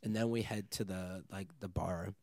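A young man, a DJ guest, telling a wild story in casual chat, animated and swearing often, laughing as he goes. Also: sits low, normal speed, vocal fry, no echo, clean studio sound.

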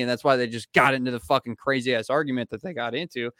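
With a mid-range voice and a quick pace, a young man in his early adulthood hosts a podcast, sharing profane anecdotes in casual talk and animatedly acting out other people's words. The studio-quality audio has no room sound.

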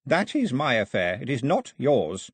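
A man voicing a stern, husky old priest. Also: medium pitch, wildly swooping pitch, measured pace, no echo, clean studio sound, heavily acted. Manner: curt, suspicious, lecturing.

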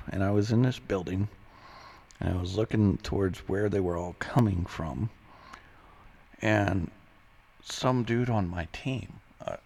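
A man's voice: lowish voice, creaky, a little mellow. A middle-aged man hosting his show in a casual, rambling monologue, laughing often and swearing freely. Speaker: show host, retired Army veteran.

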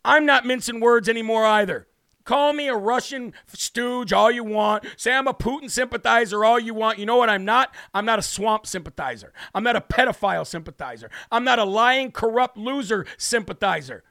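Brash male talk host, high-pitched and close-miked, worked-up combative monologue. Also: normal speed, creaky, sharp tone, dry recording. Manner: brash, combative, repetitive declarations. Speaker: political talk show host. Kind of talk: heated political commentary monologue.

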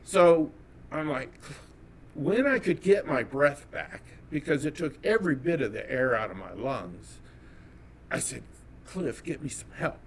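A man from California telling a personal story as an interview guest, animated and acting out the dialogue. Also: mid-range voice, unhurried, a little hiss or hum. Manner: animated, acts out quoted dialogue.

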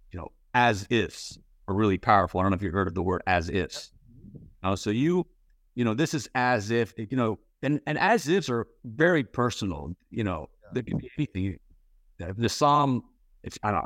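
Male interviewer, low voice, rambling and candid, dry close sound. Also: no room sound. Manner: rambling, full of "you know" and restarts; candid, swears casually. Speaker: interviewer, playwright and actor. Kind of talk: casual interview talk.

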